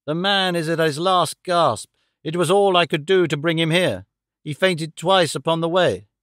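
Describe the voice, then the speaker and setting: A man's voice: fairly high pitch, animated, moderate pace, fairly bright tone, no room sound, clean studio sound. A man reading an audiobook, voicing a frantic middle-aged headmaster who talks urgently and pleads for help. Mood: alarmed.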